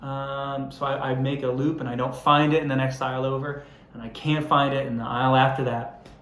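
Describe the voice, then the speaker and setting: A young man preaches a sermon in a relaxed, conversational style, poking fun at himself before building to earnest appeals. His voice sits at a middle pitch. A roomy church hall echo surrounds him. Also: brisk, a little hiss or hum. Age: young adult. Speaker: young adults pastor.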